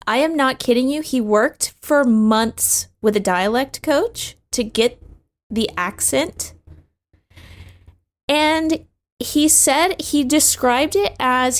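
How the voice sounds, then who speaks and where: A woman co-hosting a podcast in casual chat, slangy, calling her co-host dude and bro. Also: on the high side.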